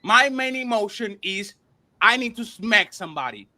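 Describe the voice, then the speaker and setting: High, bright-voiced man arguing emphatically. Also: lively intonation, normal speed. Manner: emphatic, repeats names and words, interrupts. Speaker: panel show host. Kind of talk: heated panel debate.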